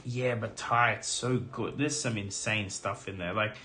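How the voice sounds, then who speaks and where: A man streaming live as he opens trading card packs, talking casually with lots of fillers and getting excited about his pulls, his voice a little hoarse. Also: lowish voice, a little slow, background noise. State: slightly hoarse. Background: music.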